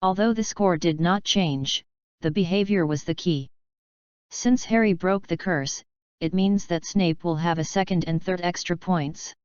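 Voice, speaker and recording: A woman narrating a fanfiction audiobook in a steady, even reading. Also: on the low side, measured pace, smooth, no echo. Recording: dull lo-fi dry recording.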